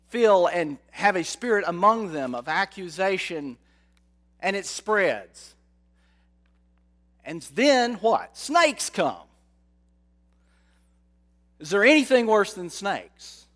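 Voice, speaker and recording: A man preaching a sermon, slow and dramatic, often asking his listeners rhetorical questions. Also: high-pitched, sing-song, fairly bright tone.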